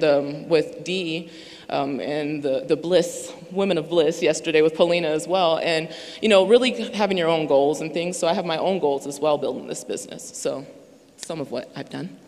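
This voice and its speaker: Hesitant woman speaking in a reverberant hall. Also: low-pitched. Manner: hesitant, many filler pauses. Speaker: panel speaker. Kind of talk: personal testimony at a live event. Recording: echoey event hall.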